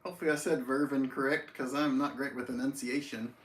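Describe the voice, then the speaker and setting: A man with an East Tennessee accent hosts a relaxed livestream and cheerfully greets viewers by name. His voice sits in an average range and carries a roomy echo. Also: medium pitch, fast, a little hiss or hum. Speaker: livestream host. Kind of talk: casual livestream chat. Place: outdoors by a tree.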